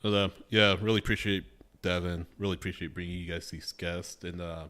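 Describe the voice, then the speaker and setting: A man's voice: sits low, fairly even intonation, a little fast, bright, forceful tone. A man from Buffalo, New York, hosting a podcast in an upbeat, casual way and laughing often. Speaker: podcast host.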